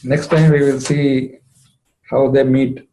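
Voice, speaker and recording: A man telling a devotional story, emotive and rising in pitch at moving moments, with frequent fillers. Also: little pitch movement, slow pace, warm tone, poor audio. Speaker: spiritual storyteller.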